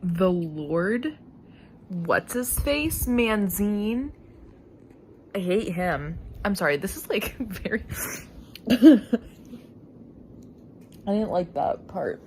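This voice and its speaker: A young woman talks through a novel as she reads it for her vlog, slow and drawn-out in her delivery. She mulls things over aloud, breaking into giggles, gasps and squeaky outbursts, with a faint hiss of noise behind her. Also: big pitch swings, a little mellow. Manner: thinking aloud, reacting to a book with giggles, gasps and sudden high exclamations. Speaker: book vlogger. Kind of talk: casual reading vlog.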